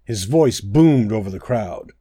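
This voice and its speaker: A man narrating a scripted druidic fable in a measured storytelling manner. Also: on the low side, animated, mellow, breathy edge, no room sound.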